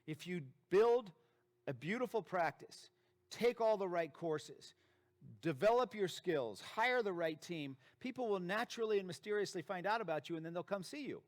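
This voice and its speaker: A man's voice: high voice, animated, moderate pace. A man with a slightly raised voice delivering a motivational presentation. He speaks emphatically and leans on repetition to drive his points home. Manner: emphatic, repeats key phrases for effect. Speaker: dentist and practice founder giving a talk.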